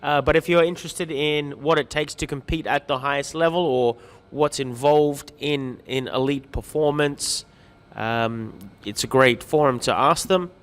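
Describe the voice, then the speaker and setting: Upbeat guy reading out viewer comments, kinda high voice, lots of hall reverb. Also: measured pace. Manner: chatty, greets viewers by name, light joking. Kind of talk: upbeat live-stream chat.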